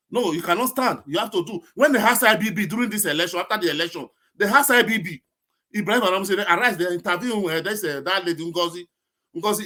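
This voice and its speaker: A man's voice: sits high, a bit bright. A man with a Nigerian accent talking emphatically and with exasperation in a casual political discussion, mixing in Pidgin.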